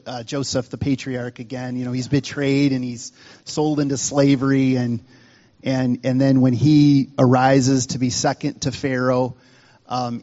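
A man's voice: mid-range voice, darkish tone, long reverb tail, lo-fi sound. A man preaching in a casual, joking way. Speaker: pastor. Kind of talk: sermon.

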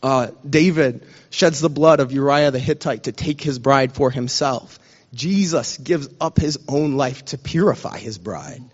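A man's voice: mid-range voice, unhurried, slightly rough, in a large hall, dull audio. A man preaching with passion, holding back tears as he speaks. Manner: passionate, emotional, trying not to cry. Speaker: pastor. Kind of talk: sermon.

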